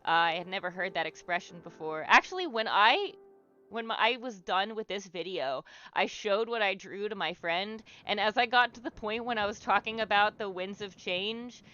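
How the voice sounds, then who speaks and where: Young woman hosting a livestream while she draws. Her voice is bright and clear, with faint music under it. She talks in a loose, rambling way, full of fillers and restarts, and cheers her viewers on. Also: medium pitch, expressive, normal speed, dull audio. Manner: chatty and rambling, many fillers and restarts, swears casually; warm and encouraging to viewers. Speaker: livestream host leading an art therapy exercise. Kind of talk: casual livestream chat while drawing.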